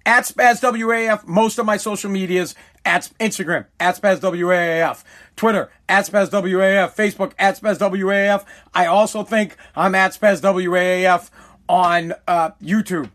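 A man hosting his podcast on his own speaks high and steady at a normal pace, his tone fairly bright. Rambling casually on a streaming live mic, he swears and corrects himself as he goes.

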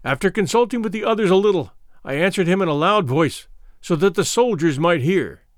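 A man narrating a first-person adventure novel in a measured, reflective storytelling manner. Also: sits high, animated, no room sound, clean studio sound. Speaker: audiobook narrator.

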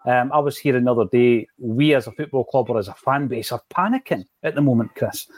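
Chatty Scottish host. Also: male voice, mid-range voice, a little fast, a little mellow, no echo. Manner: chatty, teasing, frequent wee asides. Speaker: podcast host. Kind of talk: casual chat.

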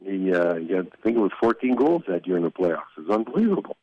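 A man's voice: low-pitched, sing-song, quick pace. Older man spinning rambling stories. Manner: rambling, with frequent restarts and chuckles. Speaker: former hockey executive telling stories. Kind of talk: casual storytelling interview. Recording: dull lo-fi dry sound.

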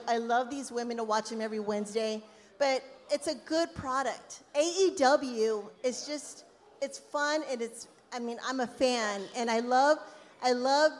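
Woman, live podcast host, high voice, enthusiastic, long hall reverb. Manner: enthusiastic, gushing, Southern "y'all". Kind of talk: casual live podcast chat. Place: live event hall with audience.

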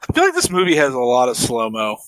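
A man co-hosting a podcast in casual chat, swearing, laughing and drawing quick pop-culture comparisons. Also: mid-range voice, huge pitch swings, a bit bright, no echo, low-quality recording. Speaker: podcast co-host. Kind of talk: casual film discussion.

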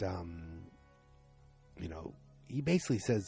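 A man recapping a TV episode in a casual, rambling way, full of fillers and clearly moved by what he describes. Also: sits low, expressive, normal speed, warm tone, soft background music. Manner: rambling, filler-heavy, emotionally invested.

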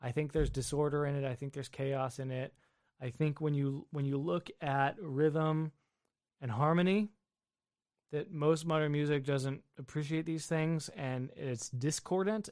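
A man hosting a livestream from his basement, reading out chat questions and answering in a relaxed, offhand way. His voice sits at an ordinary middle pitch. The sound is close and dry, with no room echo. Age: adult with wife and children. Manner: reads viewer questions aloud, then answers offhandedly. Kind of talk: casual live-stream chat. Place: home basement.

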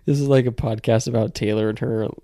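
Man, laid-back joking host, gravelly texture, dry sound. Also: medium pitch, fairly even intonation, quick pace, mellow, no echo. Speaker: podcast host. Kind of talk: casual chat.

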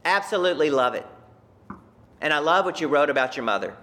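Brief: man putting on an effusive eighty-something small-town father, high-pitched and emphatic, told within a personal story. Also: animated, fairly quick. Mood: warmly proud. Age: 80s. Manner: exclamatory, loud and emphatic.

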